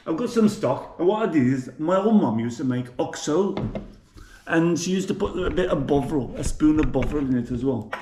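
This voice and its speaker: A man with a Birmingham accent talks his viewers through a home-cooked dish in a loose, joking, rambling way. His voice sits a little high. The GoPro recording carries a clear echo from the kitchen around him. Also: lively intonation, normal speed, warm tone, slight background noise. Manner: chatty, jokey, rambling. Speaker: cooking vlogger. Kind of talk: casual cooking vlog. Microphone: GoPro camera. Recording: echoey room.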